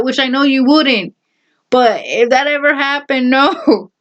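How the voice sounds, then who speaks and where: A young woman giving her opinion in casual vlog chat, animated and often exclaiming. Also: high-pitched, measured pace. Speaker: vlogger. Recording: dull lo-fi recording.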